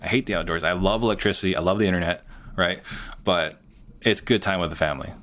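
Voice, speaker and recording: A man's voice: low voice, quick pace, fairly bright tone. A middle-aged man, a guest on an interview show, talking earnestly and plainly with lots of "you know". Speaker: guest, real estate entrepreneur. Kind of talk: casual interview talk.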